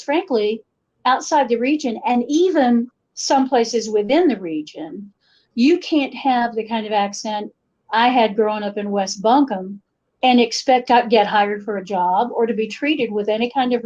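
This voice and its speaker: A woman with a higher voice and an Appalachian accent, a folklorist from western North Carolina, tells stories as a guest in a casual interview. She drops in animated asides with voiced quotes, and the podcast recording is dull and lo-fi.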